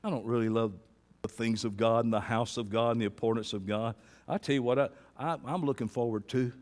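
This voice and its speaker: A man preaching a sermon as pastor, folksy and impassioned, rising to loud fervent peaks and dropping to quiet intensity. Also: mid-range voice, fairly even intonation, brisk, in a large hall. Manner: folksy colloquial speech with rhetorical questions to the congregation.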